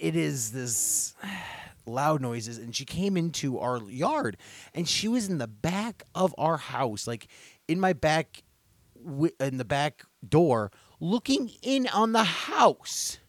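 A man's voice: mid-range voice, no room sound. Rambling male podcast host, dry sound. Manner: rambling storyteller, restarts often, gets loud when retelling. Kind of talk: casual podcast chat.

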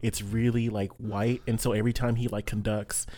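A man co-hosting a tabletop role-playing podcast in casual, animated chat with gossipy asides. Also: fairly low pitch, normal speed, a little hiss or hum. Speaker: podcast co-host and player.

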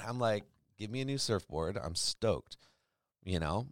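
Man, 40s, low-ish voice, dry close mic, animated storyteller, casual host chat. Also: moderate pace, dry recording. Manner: rambling, animated storyteller who acts out quotes. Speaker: podcast host.

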